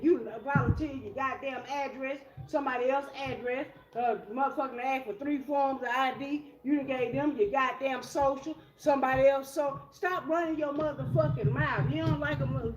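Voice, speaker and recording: A woman doing a casual tarot reading in a blunt, profane, streetwise way. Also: high voice. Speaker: tarot reader. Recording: echoey room with loud music.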